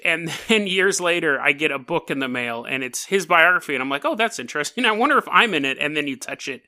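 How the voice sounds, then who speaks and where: A man's voice: a little high, sharp tone. A man hosting a podcast in casual talk, joking and chuckling through his asides. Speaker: podcast host.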